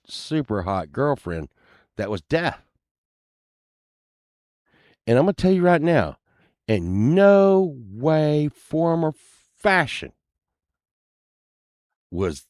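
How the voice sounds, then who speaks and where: A man's voice: lowish voice, darkish tone, no echo, clean studio sound. A man telling a story casually, rambling and cursing often, laughing at himself as he goes.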